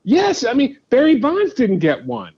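A man co-hosting a casual sports podcast, reacting bluntly and quickly and laughing often. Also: extremely high pitch, huge pitch swings, darkish tone, husky, dull audio. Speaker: podcast co-host.

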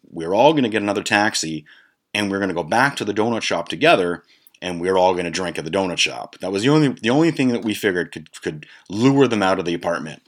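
A man in his forties hosting a podcast, telling a rambling, profane, amused story. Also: sits low. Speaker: podcast host. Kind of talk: casual storytelling.

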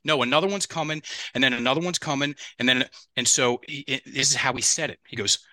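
A middle-aged man talks as an expert podcast guest and tells stories with plenty of energy. He often acts out other people's words. His voice is very bright and tense, recorded close and dry on a headset mic with no room sound. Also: medium pitch, quick pace, dry recording. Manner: animated, acts out other people's words, addresses listeners directly. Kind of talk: conversational podcast interview with storytelling.

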